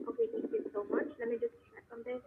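A woman's voice: very high voice, sing-song, quick pace, vocal fry. A woman working as a customer service agent, speaking politely with hesitant fillers over the phone. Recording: tinny phone line.

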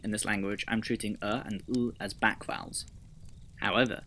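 Man, scripted lesson narration, low pitch, bright forceful tone, methodical, dry asides. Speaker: conlang video creator.

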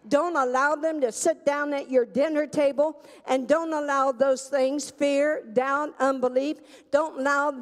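Woman pastor preaching, high voice, slow and emphatic, long echo from the church hall. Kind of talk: sermon. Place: church sanctuary.

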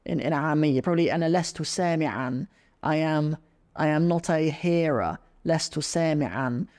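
Male podcast host, casual teacher, higher-than-average voice, rambling and self-correcting. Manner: relaxed, chatty, with frequent fillers and self-corrections.

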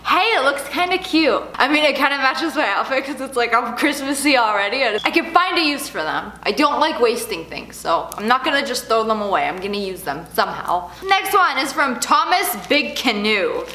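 Young female vlogger, giggly and sarcastic, very animated delivery, echoey room. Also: a little high, moderate pace, few pauses, slight background noise. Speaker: YouTuber. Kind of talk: casual unboxing vlog.

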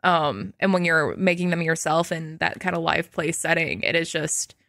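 A woman's voice: deep voice, moderate pace, dry recording, studio quality. A young woman hosting a casual podcast, telling rambling stories with lots of laughter and voiced quotes. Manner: rambling, animated storytelling with laughs. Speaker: podcast host.

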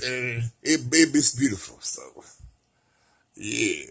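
Brief: man, late forties, husky and bright, rambling home vlog, loud bursts then hushed talk. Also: measured pace, long pauses. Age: 40s. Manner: animated, swinging from loud laughing outbursts to soft low talk. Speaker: vlogger. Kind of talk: casual rambling monologue. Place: at home lying in bed by an open window.

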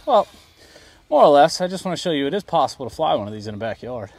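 A lively man talking casually outdoors while piloting a small model plane. His pitch swings around a lot as he narrates, joking at his own expense. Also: fast talker. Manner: self-deprecating, chatty, animated. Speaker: RC plane hobbyist vlogger. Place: outdoors at a flying field and backyard.

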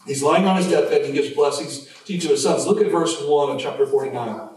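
A man's voice: on the high side, fairly quick, a little mellow. A man preaching an expository sermon as pastor, conversational, with frequent restarts and fillers. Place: church sanctuary. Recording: very echoey church hall, mic at a distance, faint noise.

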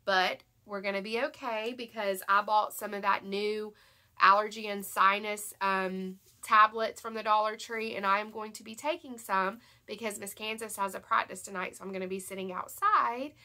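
A young woman with a Southern American accent, congested from allergies, chatting excitedly and rambling through a shopping haul vlog. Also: mid-range voice, moderate pace. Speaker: haul vlogger. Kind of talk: casual chat to camera.

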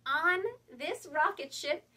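A woman librarian reading a picture book aloud to young children, animated and sing-song, asking them questions along the way. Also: high voice, slow.

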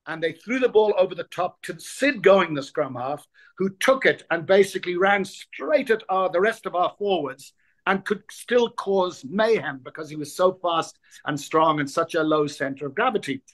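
Lively Irish-born storyteller in his sixties. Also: high-pitched, normal speed. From Ireland. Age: 60s. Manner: lively raconteur, acts out quoted voices, repeats words when reaching for them. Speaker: guest, former rugby player. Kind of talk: anecdotal interview storytelling.

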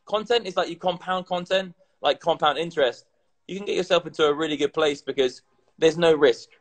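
Man, tipsy, casual livestream chat, swearing, repetitive, slightly high voice. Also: fairly quick, poor audio. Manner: animated, swearing, repeats himself. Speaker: crypto content creator.

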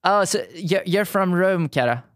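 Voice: medium pitch, lively intonation, moderate pace, no room sound, clean studio sound. Chatty streamer with a strong Neapolitan accent. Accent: Neapolitan Italian. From Naples, southern Italy. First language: Italian. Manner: chatty, talks straight to the viewers. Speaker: livestreamer. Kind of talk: casual livestream chat.

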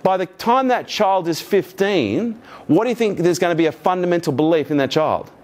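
A middle-aged man giving a keynote talk to a live team, energetic and profane, joking and asking the room questions. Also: high-pitched, moderate pace. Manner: energetic, profane, jokey, asks the audience questions. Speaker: keynote speaker. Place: event room with live audience.

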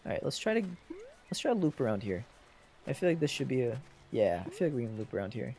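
A chatty streamer plays through a game and talks to viewers in loose, casual commentary. The voice is animated, with a wide pitch range, and often drops to a quiet mutter while searching around. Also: fast talker, faint music behind. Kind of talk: casual let's-play commentary.

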